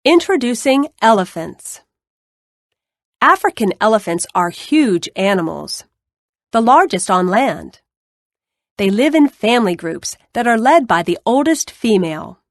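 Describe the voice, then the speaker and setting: A woman reading a children's nonfiction book aloud, clear and expressive. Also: on the high side, measured pace, no room sound, studio quality. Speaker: narrator.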